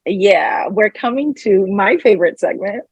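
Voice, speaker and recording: A young adult woman co-hosting a podcast in casual chat, giggly and quick to laugh at her own jokes. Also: mid-range voice, lively intonation, slightly rough, no room sound, muffled recording. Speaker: podcast co-host.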